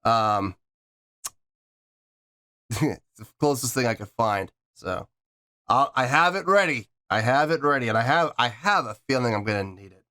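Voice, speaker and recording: A man's voice: mid-range voice, lively intonation, normal speed, long pauses, bright, forceful tone. A man hosting a music reaction video, talking in an earnest, rambling way and repeating himself, choked up and teary. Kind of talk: casual reaction video talk.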